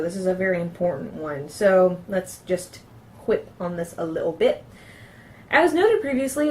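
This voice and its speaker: A woman with a middle-pitched voice hosts a relaxed tabletop game review. She reads passages aloud from the book in a chatty way, often catching on a word and correcting herself before carrying on with her comments. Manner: chatty, trips over words and corrects herself while reading.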